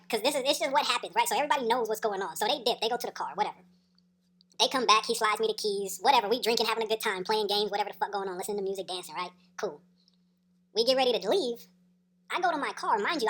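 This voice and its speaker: A woman's voice: fairly high pitch, a bit bright. A woman telling a story in a casual, slangy, profane way, laughing as she goes. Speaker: storyteller vlogger.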